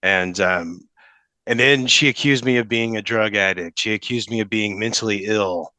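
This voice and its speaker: A young man with a low, forceful, bright voice talks as a podcast guest, halting and restarting as the emotion catches up with him. The sound is close and dry. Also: dry recording. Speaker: podcast guest, father in custody case. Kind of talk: casual interview talk.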